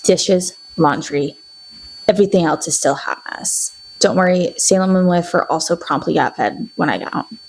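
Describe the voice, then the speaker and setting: A young woman rambling through a casual video diary, chatty and animated, acting out bits of conversations as she tells them. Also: on the low side, normal speed, slight background noise, poor audio. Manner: rambling, animated, chatty storytelling with playful quoted voices. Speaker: video diarist. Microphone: camera.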